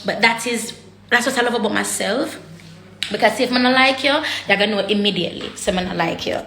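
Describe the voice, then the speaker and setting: A woman talks straight to her audience in a raw, unfiltered vlog. She is blunt and emotional and swears freely, stumbling and restarting as she works through her thoughts. Her voice sits at a middle pitch, and the sound carries a noticeable room echo. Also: a little fast, creaky, fairly bright tone, a little hiss or hum. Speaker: vlogger. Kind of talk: candid personal talk to camera. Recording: echoey room.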